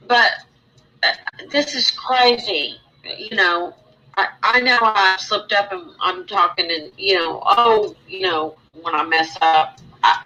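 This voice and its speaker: A woman talks slowly to her livestream viewers in a bright, forward voice. She rambles, restarts her sentences and keeps circling back, sounding aggrieved and emotional while she greets people in the chat. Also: mid-range voice, poor audio. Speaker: livestream host. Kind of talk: casual livestream talk to viewers.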